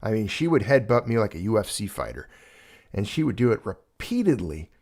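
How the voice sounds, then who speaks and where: A man's voice: on the low side, big pitch swings, brisk, darkish tone. Earnest rambling man on a livestream. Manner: rambling, earnest, emotional when speaking of a lost pet. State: choked up. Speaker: livestream host. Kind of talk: casual livestream talk.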